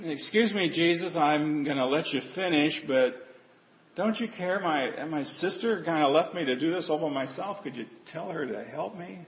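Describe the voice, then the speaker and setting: A man's voice: fairly high pitch, normal speed, close to an everyday voice. A preacher voicing an overworked woman who is fed up and complaining that she was left to do all the work alone. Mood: aggrieved. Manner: indignant, exasperated. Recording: dull echoey hall recording.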